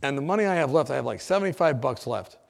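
A man preaching, telling his testimony as a lively story, often laughing and acting out the people in it. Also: mid-range voice, fast talker, vocal fry. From United States. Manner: animated storyteller, often laughing, acts out shouts.

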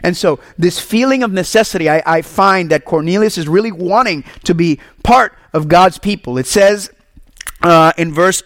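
A man from Puerto Rico preaching a sermon as pastor, animated and asking the congregation questions. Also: high-pitched, moderate pace, no echo.

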